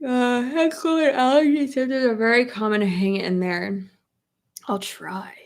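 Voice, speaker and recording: A woman's voice: a little high, fairly even intonation, unhurried. A young woman with a cold-stuffed nose talks through her makeup routine in a loose, blunt way. She swears freely and reads comments aloud as she goes. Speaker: beauty vlogger. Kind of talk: casual get-ready-with-me chat while doing makeup. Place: home, at a makeup table.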